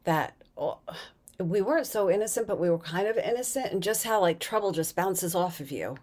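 A woman's voice: lowish voice, animated, a little mellow. A middle-aged woman co-hosting a casual chat, telling anecdotes and laughing easily. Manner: chatty, anecdotal, quick to laugh.

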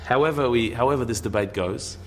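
A man of middling pitch talks through a lecture in a loose, conversational way, stumbling over and repeating words as he works out his point. He drops in wry asides along the way. A faint hum sits under the recording. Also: a little fast.

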